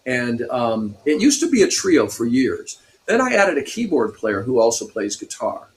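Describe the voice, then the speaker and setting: Animated male guitarist telling stories. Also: medium pitch, moderate pace, a little hiss or hum. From Pasadena, California. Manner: animated, laughs often, acts out quotes. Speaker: guest guitarist. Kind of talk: storytelling in a radio interview.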